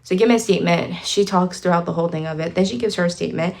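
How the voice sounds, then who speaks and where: Young woman doing a storytime vlog, lowish voice with some vocal fry, rambly and fed up. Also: fast, a little mellow, low-quality recording. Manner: chatty, filler-heavy retelling with lots of "like"; indignant, exasperated storytelling. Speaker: vlogger.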